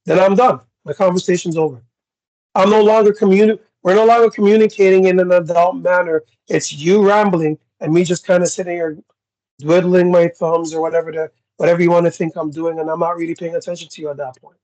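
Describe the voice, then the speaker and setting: A man's voice: high-pitched, fairly quick, low-quality recording. A man with a Canadian accent co-hosting a podcast, talking bluntly and acting out exchanges in casual chat. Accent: Canadian English. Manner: blunt, animated, acts out quoted exchanges. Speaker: podcast co-host.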